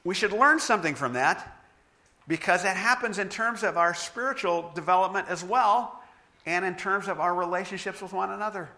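A man's voice: high-pitched, moderate pace, bright, forceful tone. A middle-aged man preaching a sermon, telling stories with self-deprecating humor. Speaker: pastor.

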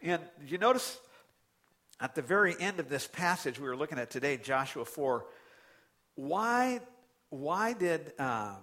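A man delivers a sermon in a bright, ringing voice that sits a little high for a man. His delivery is animated, with big swoops in pitch and sudden loud outbursts between calmer, conversational stretches. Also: measured pace. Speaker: pastor.

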